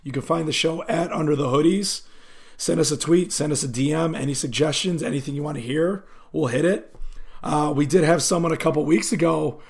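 A man's voice: fairly high pitch, a little fast, creaky, slightly rough. A man co-hosting a casual sports podcast, telling stories loosely with lots of fillers. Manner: loose storytelling with many fillers. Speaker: podcast co-host.

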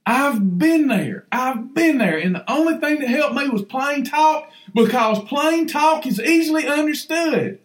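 A man's voice: extremely high pitch, animated, a little slow, few pauses, reverberant. A man preaching fervently as a podcast host, folksy and emphatic, repeating lines for effect. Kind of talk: fiery preaching on weight loss.

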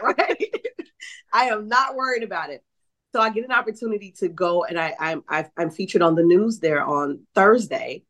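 A woman's voice: medium pitch, normal speed. A middle-aged woman from New Orleans, a psychic medium and author, telling stories as a guest and acting out quoted dialogue, often checking in with "right?". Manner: animated storyteller, acts out quoted dialogue, many "right?" asides. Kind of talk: storytelling in a conversational interview.

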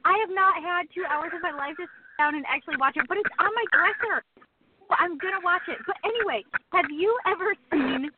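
A woman's voice: very high-pitched, brisk, background noise. A woman co-hosting a casual faith podcast, chatty and fond of long stories. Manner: chatty, storytelling, wordy. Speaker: co-host. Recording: tinny phone-like sound.

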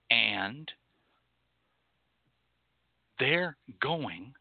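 A man's voice: mid-range voice, sing-song, moderate pace, dry recording. A man with a Texan accent, hosting a talk show, delivering a fired-up, profane rant at his listeners in a preaching cadence. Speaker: host. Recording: tinny phone-like sound.

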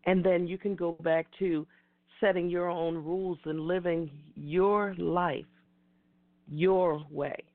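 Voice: medium pitch, steady tone, takes it slowly, no echo. A middle-aged host giving an earnest, emphatic motivational talk, repeating key phrases like a preacher. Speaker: host of an online talk show. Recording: dry tinny phone-like audio.

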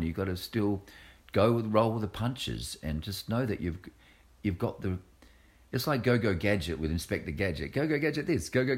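A man from Australia, a guest entertainer telling stories in a casual interview, acting out voices as he goes. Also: sits low. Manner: animated storyteller, acts out voices.

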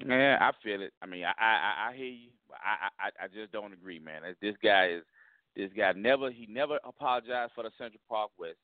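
A man's voice: fairly low pitch, animated, a little fast, no echo, phone-quality sound. A man, a comedian calling into a radio show, speaking emphatically and repeating himself as he makes his points in street slang. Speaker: comedian guest. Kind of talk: phone interview.

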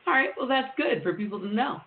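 A man hosting an interview show, chatting easily and affirming his guest over a tinny phone line. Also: very high-pitched. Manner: chatty, with steady affirming murmurs. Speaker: podcast host. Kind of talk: casual interview chat.

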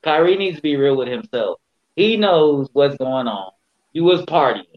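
A man's voice: fairly high pitch, expressive, normal speed. Blunt man on a muffled mic. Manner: blunt, slangy opinions. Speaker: podcast co-host. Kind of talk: casual basketball chat.

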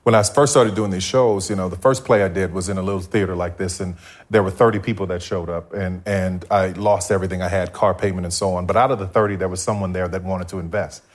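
A man giving a personal testimony as a guest before a live audience, telling his story with animated, acted-out dialogue. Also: sits low, fast talker. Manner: animated, acts out his past self in dialogue. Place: stage in front of a live audience.

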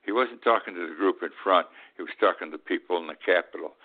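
A man's voice: low-pitched, fairly quick, hardly any pauses. A man in his eighties hosting a political commentary show, blunt and indignant, often repeating himself. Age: 80s. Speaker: host. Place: Key West. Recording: tinny phone-like line.

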